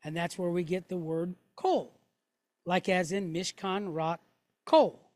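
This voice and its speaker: A woman's voice: lowish voice, flat delivery, moderate pace, dry recording. A woman teaching a class, explaining step by step with patience and often checking in with "right?" and "okay?". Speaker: Hebrew teacher.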